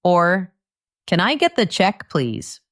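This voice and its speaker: A woman narrating a scripted English lesson, speaking clearly and patiently and acting out short dialogue lines. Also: on the low side, sing-song, takes it slowly. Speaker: English teacher.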